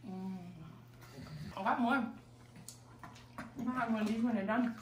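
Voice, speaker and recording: A woman's voice: fairly high pitch, fairly even intonation, normal speed, a little mellow, a little hiss or hum. A young woman talking baby talk to a pet chimp at bath time, sing-song and coaxing. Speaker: animal keeper vlogger. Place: bathtub, indoors. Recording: echoey room, distant mic.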